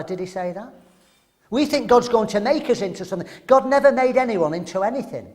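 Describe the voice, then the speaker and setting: A man's voice: sits high, animated, a little fast. An older man from England preaching a sermon, emphatic and full of rhetorical questions.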